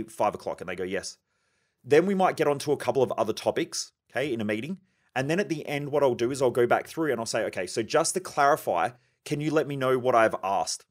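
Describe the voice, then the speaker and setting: A man hosting a solo podcast, speaking in an emphatic coaching tone and acting out short example dialogues. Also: mid-range voice. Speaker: podcast host.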